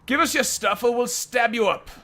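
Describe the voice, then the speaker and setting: A man voicing a bloodthirsty male thief, loud and complaining. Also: extremely high pitch, moderate pace, pitched above the performer's own voice, exaggerated voice. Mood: aggrieved.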